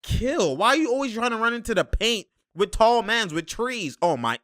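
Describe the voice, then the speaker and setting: A young man talking casually and excitably as he reacts to basketball footage, laughing and using slang. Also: very high voice, measured pace, clean tone, dry recording, studio quality. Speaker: sports commentator reacting to game footage. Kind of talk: casual live game reaction.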